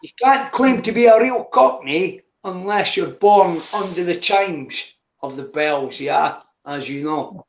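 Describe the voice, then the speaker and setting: Gravelly Scottish man in his fifties. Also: high-pitched, slow pace. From Scotland. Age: 50s. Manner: swears freely, calls listener mate. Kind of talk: casual chat on a live stream. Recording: echoey room.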